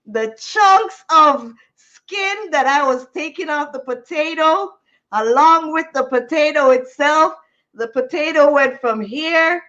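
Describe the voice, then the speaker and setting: Slow-talking woman vlogger. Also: sits high, muffled recording. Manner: repetitive, laughing, animated storytelling. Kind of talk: casual storytelling.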